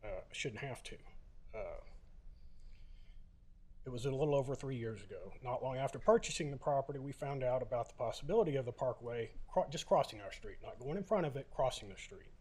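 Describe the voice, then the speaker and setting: A man's voice: mid-range voice, lively intonation, fairly quick, a little mellow. A middle-aged man, holding back tears, giving plainspoken public comment at a city council podium. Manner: plainspoken, emotional, many uhs.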